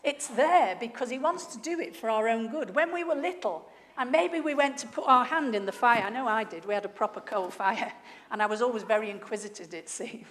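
A woman preaching a sermon, telling a story and swinging from hushed to loud. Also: on the high side, a little fast. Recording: echoey hall, faint noise.

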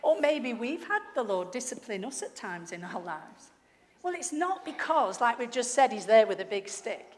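A woman preaching a sermon, telling a story and swinging from hushed to loud. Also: on the high side, very animated, normal speed. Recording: echoey hall, faint noise.

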